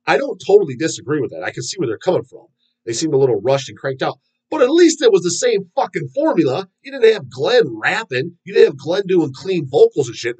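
Husky, profane man telling rambling stories. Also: fairly high pitch, poor audio. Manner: profane, rambling storyteller with frequent fillers. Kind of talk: casual rant about metal.

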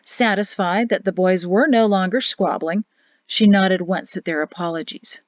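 A woman's voice: medium pitch, normal speed, no echo. Woman narrating an audiobook, dull dry sound. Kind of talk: scripted narration.

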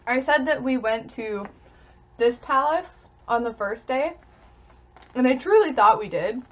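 A woman's voice: fairly high pitch, expressive, a little slow, fairly bright tone, dull audio. A young woman, talking casually to camera while eating, chatty with little giggles. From Canada. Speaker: vlogger.

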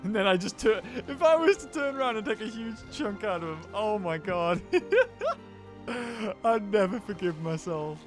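A young man narrates his survival gameplay with bursts of excitement and frequent laughter. His voice sits high and bounces around a lot, though he talks at an easy, unhurried pace. Clear game music plays behind him. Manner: excitable, laughing often, voices the dinosaurs in silly quotes. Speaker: gaming YouTuber. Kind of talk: let's play commentary.

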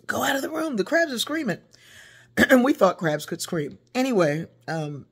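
Older woman, husky, gravelly, animated storyteller, laughs often. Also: on the low side. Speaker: speaker telling a personal story. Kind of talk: personal storytelling.

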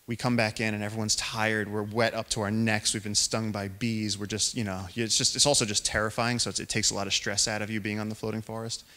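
A young adult man giving a live storytelling talk to an audience, animated and acting out the voices of the people in his story. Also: on the low side, creaky. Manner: animated storyteller, acts out quoted voices, rising excitement. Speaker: featured speaker.

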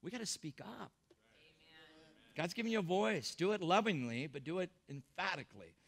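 A pastor preaching a sermon in a church, talking casually and humorously to the congregation. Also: male voice, sits high, lively intonation, vocal fry. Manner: humorous, conversational preaching, acts out Bible characters in quick voices.

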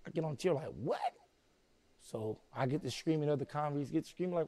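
Here a middle-aged man being interviewed recounts something personal in a slow, quiet way, repeatedly asking "you know what I'm saying." His voice leans high, and there's no echo.

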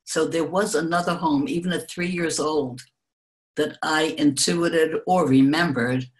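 Older woman telling gentle, reflective stories. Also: low-pitched, fairly even intonation, measured pace. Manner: gentle, reflective storytelling with soft laughs. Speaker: guest speaker. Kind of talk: recorded interview answers.

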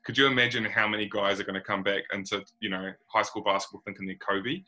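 A man's voice: fairly low pitch, flat delivery, fast, sharp tone, rough recording. A New Zealand man hosting a casual basketball chat, rambling and laid-back with plenty of slang. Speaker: podcast host.

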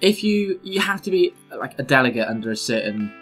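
Young british guy, bright voice, chatty storyteller, bit of guitar music behind. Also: mid-range voice, fairly quick. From Britain. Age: young adult. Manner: animated storytelling, acts out quoted dialogue. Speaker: co-host. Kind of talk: casual chat.

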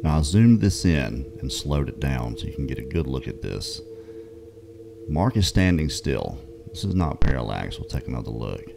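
A man hosting a documentary, narrating and explaining video footage in a measured way. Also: very deep voice, sing-song, gravelly. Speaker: documentary host. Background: music.

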